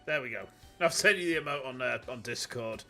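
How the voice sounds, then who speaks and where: Yorkshire streamer, rambling casual chat, lively pitch, faint music behind. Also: male voice, brisk. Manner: chatty and rambling. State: tired, with a cold.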